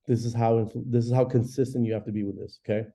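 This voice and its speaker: A man in his forties, a real estate agent teaching a class in an energetic, chatty way, often acting out phone calls. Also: mid-range voice, quick pace. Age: 40s. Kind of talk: live training class talk. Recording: dull lo-fi recording.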